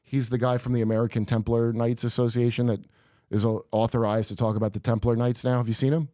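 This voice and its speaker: A man's voice: medium pitch, flat delivery, quick pace, warm tone, dry recording, clean studio sound. A man who is a comedian guest on a podcast, telling rambling, conspiratorial stories in casual chat.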